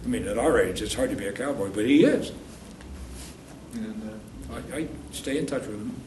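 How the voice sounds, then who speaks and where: A man's voice: on the low side, lively intonation, a little fast, a little mellow. A man in his eighties from New York State, rambling through war memories in an oral history interview and correcting himself as he goes. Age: 80s. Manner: rambling storyteller who corrects himself mid-sentence. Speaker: veteran interviewee. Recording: roomy, distant mic, faint noise.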